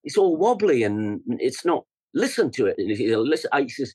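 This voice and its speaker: An older man with an English accent, a musician guest telling lively studio stories in a podcast interview. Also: medium pitch, fairly quick, slightly rough, no room sound, low-quality recording. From England. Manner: animated storyteller, scats rhythms and acts out quotes. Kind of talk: storytelling interview.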